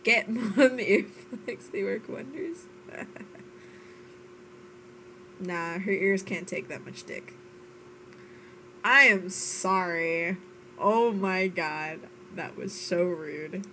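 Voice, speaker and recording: A woman's voice: mid-range voice, very slow, long pauses, sharp tone, slight background noise, rough recording. A tired young woman chatting casually while streaming a game, giggling and laughing through her words.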